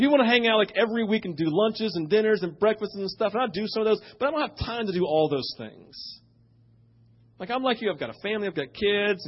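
A middle-aged pastor, preaching and telling a story, swinging between loud punches and hushed moments. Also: male voice, high-pitched, breathy edge, dull audio. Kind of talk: sermon.

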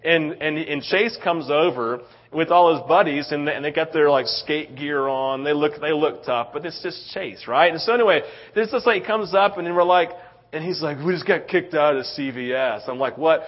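A man's voice: fairly high pitch, normal speed. A male pastor preaching a conversational sermon in a church, telling stories with frequent "right?" asides. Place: church sanctuary. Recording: muffled lo-fi sound.

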